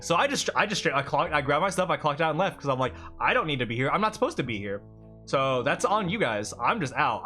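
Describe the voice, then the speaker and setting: A man's voice: a little high, fairly bright tone. A young man streaming, venting about his job in a rambling, exasperated way with lots of fillers. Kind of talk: casual live-stream venting.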